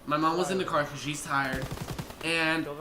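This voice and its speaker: A young man telling a rambling storytime vlog and acting out people's lines in quick bursts. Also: on the high side, steady tone, a crowd in the background. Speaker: vlogger. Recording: echoey room, noisy ambience.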